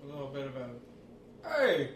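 A man's voice: mid-range voice, moderate pace, recorded from a distance. A man playing in a tabletop game, wry and playful, off-mic in an echoey room with background noise. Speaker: player.

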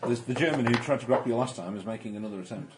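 A man running a tabletop game as game master, describing the action in a relaxed, halting way with frequent ums. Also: medium pitch, heavy background noise.

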